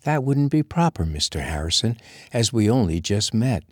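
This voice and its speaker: Casting: male narrator doing a stiff, formal young schoolmarm woman, low voice, dead-dry room. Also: big pitch swings, moderate pace, darkish tone, no room sound. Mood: prim, indignant. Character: prim proper young Boston schoolteacher woman.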